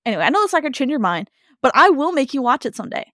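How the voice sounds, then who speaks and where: A woman co-hosting a podcast in casual chat, gushing and animated, with lots of "like" and "um". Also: high voice, racing, no room sound, studio quality. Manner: gushing, animated, chatty with many fillers. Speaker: podcast co-host.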